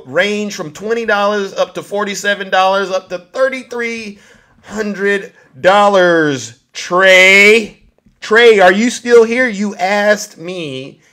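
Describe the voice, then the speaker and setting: A man's voice: high voice, a bit bright. A man hosting a political commentary vlog, mocking his targets and talking straight to his audience. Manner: mocking, addresses audience directly. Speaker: host.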